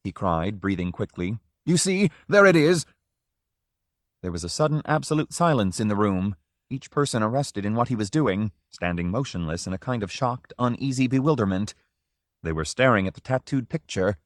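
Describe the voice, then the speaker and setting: A man narrating a story from a script in a measured, even way. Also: on the low side, no room sound, studio quality.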